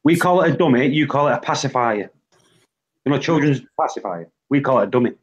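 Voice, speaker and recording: A man's voice: mid-range voice, lively intonation, fast talker, slightly rough, dull audio. A British man hosting a casual group chat, reading out lists of word pairs. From Britain. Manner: reads out lists of word pairs, laughs often.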